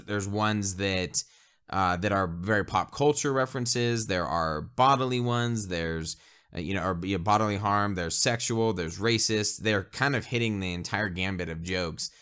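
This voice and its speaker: A man's voice: low-pitched, moderate pace, a bit bright, smooth. A man co-hosting a casual, spoilery movie review. He rambles, often restarts his sentences and laughs a lot.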